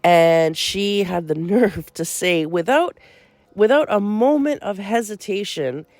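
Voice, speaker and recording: A woman's voice: mid-range voice, takes it slowly, darkish tone, no room sound. Earnest, indignant woman podcast host. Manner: earnest, turns incredulous and indignant. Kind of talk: religious podcast monologue.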